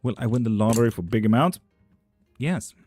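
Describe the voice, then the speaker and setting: A man's voice: medium pitch, expressive, fairly quick, darkish tone, faint music behind. A man reading tarot and bones on a live stream. He reads viewer questions aloud in a lifted voice, then answers them in a dry, teasing way in casual chat.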